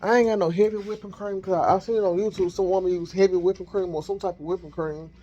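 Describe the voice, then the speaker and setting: A man vlogging casually from his home kitchen on a handheld phone, thinking out loud as he cooks. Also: high voice, steady tone, fast talker, dull audio. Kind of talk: casual chat while cooking.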